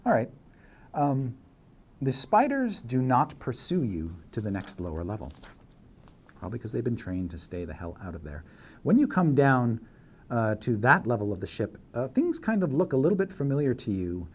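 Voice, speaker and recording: A man's voice: mid-range voice, very animated, moderate pace, a little mellow, slightly rough. A man narrating a tabletop game as dungeon master, setting scenes in detail with frequent fillers.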